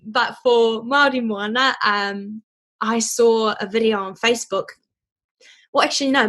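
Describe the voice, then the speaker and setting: Young woman from New Zealand, bubbly and chatty, slightly high voice, easy laughs, interview guest. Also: fairly bright tone. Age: young adult. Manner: bubbly and chatty, laughs often, many fillers. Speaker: interview guest, voice actor and singer. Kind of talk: casual interview chat.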